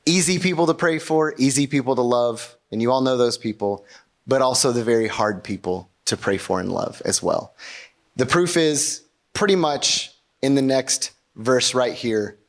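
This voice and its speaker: A man's voice: mid-range voice, moderate pace. A pastor preaching a sermon in a conversational way, asking rhetorical questions and often checking in with his congregation.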